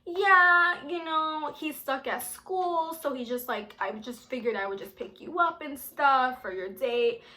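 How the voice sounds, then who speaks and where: A woman's voice: sits high, unhurried, few pauses, sharp tone. A woman voicing an eager, pushy middle-aged mother who gushes as she talks. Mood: chatty.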